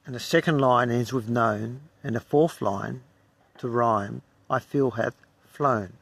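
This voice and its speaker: A man's voice: mid-range voice, slow, creaky, a bit bright, dry recording. An Australian man giving an unrehearsed poetry reading with wry asides, sometimes stumbling over the words. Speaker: poetry reader.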